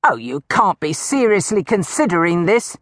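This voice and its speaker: A woman voicing a crude, indignant old village woman who shouts accusations in a coarse, shrill voice. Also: big pitch swings, normal speed, no echo, clean studio sound.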